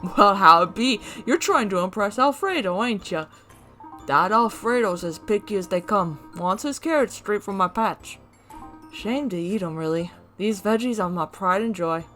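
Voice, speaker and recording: A woman's voice: mid-range voice, animated, moderate pace, pushed and bright, soft background music. A woman voicing a homespun male farmer in a video game, proud of his vegetables and drawling his words. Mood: folksy, proud.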